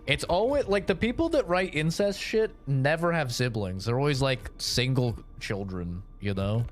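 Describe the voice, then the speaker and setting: A man's voice: mid-range voice, expressive, normal speed, soft background music. A young man chatting on a gaming stream, telling crude, profane, rambling stories. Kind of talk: casual stream chat.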